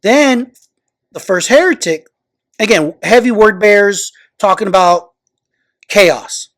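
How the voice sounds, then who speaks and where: Male host, unhurried casual book reviewer, rambles and corrects himself mid-sentence. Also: high-pitched, fairly bright tone. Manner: rambling, self-correcting, unsure of names.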